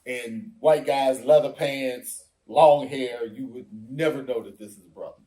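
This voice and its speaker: A man's voice: medium pitch, unhurried. A man in casual podcast talk, telling stories animatedly and acting out what others said. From Africa. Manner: animated storyteller, acts out quoted voices. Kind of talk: casual discussion.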